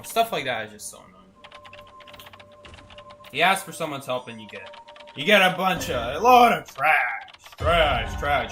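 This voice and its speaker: A young adult game streamer telling stories in casual chat, animated and often asking "right?". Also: medium pitch. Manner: animated storyteller, tags lines with "right?". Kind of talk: casual chat while gaming.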